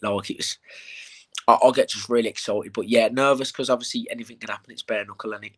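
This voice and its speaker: Chatty fighter, says mate a lot. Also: male voice, fairly low pitch, fast talker, husky. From England. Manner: animated storytelling, swears, says "mate" a lot. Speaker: bare-knuckle fighter, interview guest. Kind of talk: casual interview chat.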